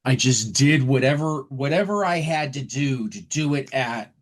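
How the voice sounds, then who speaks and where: A man's voice: mid-range voice, lively intonation, normal speed. A man co-hosting a comics podcast, speaking in an easygoing, hesitant way with restarts. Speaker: podcast co-host. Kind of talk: casual podcast chat.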